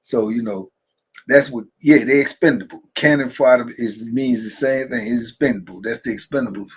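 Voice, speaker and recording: A man with a mid-range, slightly rough voice talks at a normal speed while hosting a livestream. He tells easygoing, laughter-filled stories, wanders into frequent asides, and answers the chat's comments along the way.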